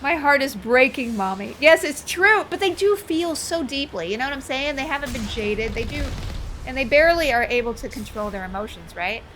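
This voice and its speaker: A woman's voice: high-pitched, expressive, a little fast, fairly bright tone, a little hiss or hum. A woman chatting casually while she streams a video game, telling stories and reacting to the play. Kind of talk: casual chat while gaming.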